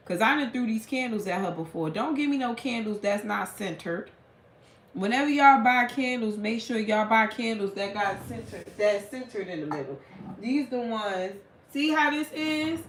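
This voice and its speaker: A woman's voice: medium pitch, expressive, moderate pace. A woman tarot reader in casual late-night live chat, telling stories in a blunt, profane way. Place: room at home at night. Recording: echoey room with faint hum.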